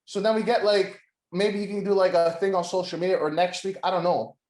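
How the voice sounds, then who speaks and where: Rambling, high-voiced man in an echoey room. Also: steady tone, brisk, darkish tone. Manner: rambling, full of "like" and restarts, acts out quotes, swears. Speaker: podcast co-host. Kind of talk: casual wrestling podcast chat.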